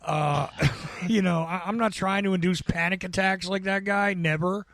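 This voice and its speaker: An American man with a gravelly, buzzing voice, chatting casually as a podcast guest and rambling with stammered restarts. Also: sits high, steady tone, moderate pace, fairly bright tone, no room sound. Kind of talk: casual chat.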